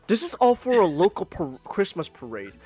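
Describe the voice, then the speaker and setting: High-voiced man rambling casually. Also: sing-song, normal speed, a little mellow, slightly rough, soft background music. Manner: rambling, filler-heavy, laughing often. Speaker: podcast host, virtual streamer. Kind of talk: casual chat.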